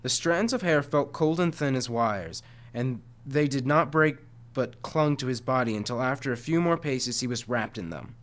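Guy reading a kids book out loud to folks, trips over words and fixes them, middle-pitched voice. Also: normal speed. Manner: frequent stumbles and self-corrections. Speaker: reader reading a chapter book aloud to listeners. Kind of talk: reading aloud.

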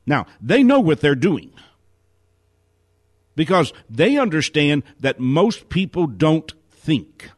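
A man's voice: on the high side, dry recording, clean studio sound. A man giving a motivational talk as host, with an emphatic, preacher-like delivery. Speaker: motivational speaker hosting a radio talk.

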